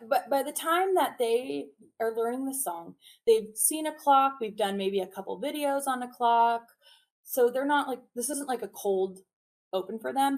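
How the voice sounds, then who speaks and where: A woman teacher giving a webinar demonstration, animated and drilling phrases in a sing-song call-and-response. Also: on the high side. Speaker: early childhood teacher presenting a webinar. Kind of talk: teacher demonstration with chants and repetition.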